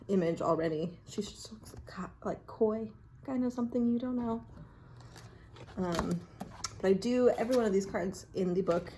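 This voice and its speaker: A woman chatting casually and reflectively in her bathroom while drawing oracle cards, often dropping to a hushed voice. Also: mid-range voice, slight background noise. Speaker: vlogger reading oracle cards. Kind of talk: casual rambling chat. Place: home bathroom.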